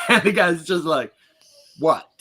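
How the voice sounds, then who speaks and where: A man's voice: a little high, lively intonation, moderate pace, sharp tone. A man chatting casually on a podcast, who laughs often and tells jokes in a rambling way. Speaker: podcast host. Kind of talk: casual chat.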